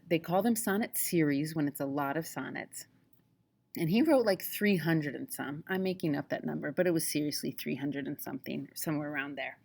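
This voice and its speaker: A woman's voice: low voice, creaky, a little mellow. A woman teaching a lesson on poetry in a casual, chatty way, often checking in with the class. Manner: casual, chatty, frequent "okay?" check-ins.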